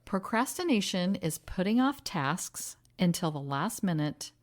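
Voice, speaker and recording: A woman hosting her own podcast as a life coach, speaking in a calm, direct coaching manner. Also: fairly low pitch, unhurried, no echo, studio quality. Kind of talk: podcast talk on emotional self-regulation.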